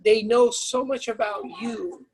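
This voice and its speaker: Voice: mid-range voice, fairly even intonation, a little slow, husky. A guest chatting easily about competing on a cooking show. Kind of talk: casual chat. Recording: crowd noise behind.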